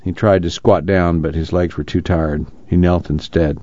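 A man announcing and reading an audiobook aloud on a radio reading service, in a measured, plain manner, in a dull lo-fi recording. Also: sits low, fairly even intonation, darkish tone, dry recording.

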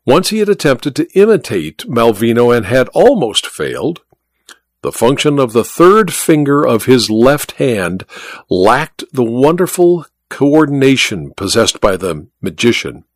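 A male narrator reading a classic tale with an expressive storytelling delivery. His voice sits at a middle pitch and moves lively up and down across phrases. The recording is close and dry, without room echo.

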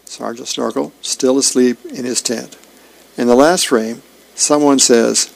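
A man who volunteers as a radio reader, reading comic strips and announcements aloud in a relaxed, plain way with fillers. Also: medium pitch, normal speed, gravelly, poor audio.

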